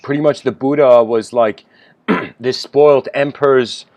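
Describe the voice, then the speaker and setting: A man giving a casual, rambling spiritual lecture, clearing his throat often and laughing between thoughts. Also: medium pitch, steady tone, a little slow, darkish tone, no echo.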